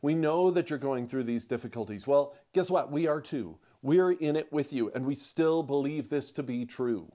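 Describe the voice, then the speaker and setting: A man's voice: medium pitch, normal speed, few pauses, mellow. A man preaching a podcast sermon in a conversational, emphatic way, repeating his points and laughing often. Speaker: pastor.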